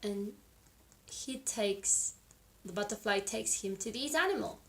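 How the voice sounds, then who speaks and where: A woman reading a picture book aloud to children, pausing to ask listeners questions. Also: mid-range voice, animated, a little hiss or hum. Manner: asks listeners questions, lilting. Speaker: storyteller. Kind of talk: storybook read-aloud for children.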